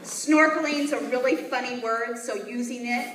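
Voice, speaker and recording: A woman's voice: a little high, normal speed, noisy background. A woman over forty-five judging a talent show, giving playful, teasing feedback. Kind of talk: judge feedback. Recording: distant echoey hall with loud crowd.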